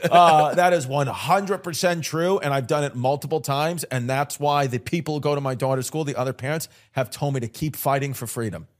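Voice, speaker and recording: A man's voice: fairly high pitch, a little fast, few pauses. A man co-hosting a comedy podcast, casually bantering and mocking with a brash, joking manner. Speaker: podcast co-host.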